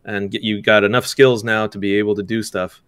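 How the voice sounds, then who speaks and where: Male interview guest, smooth tone, halting delivery, easy laughs. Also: fairly low pitch, little pitch movement, a bit bright, no echo, studio quality. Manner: hesitant, many restarts, laughs often. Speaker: game developer guest. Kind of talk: casual interview talk.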